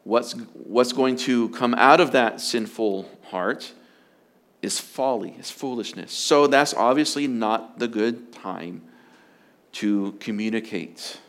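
A man's voice: mid-range voice, slow, a bit bright. A man preaching as a pastor, earnest and emphatic, often repeating his phrases for stress. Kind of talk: sermon on marriage.

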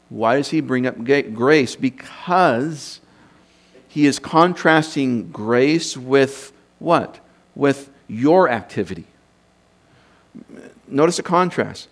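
Slow, deliberate male Bible teacher. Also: medium pitch, expressive. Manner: thinks aloud with rhetorical questions and restarts. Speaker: preacher teaching doctrine.

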